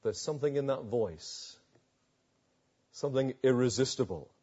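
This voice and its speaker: A man preaching a sermon, retelling a story with rhetorical questions and dramatic pauses. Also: medium pitch, animated, mellow, husky, highs cut off.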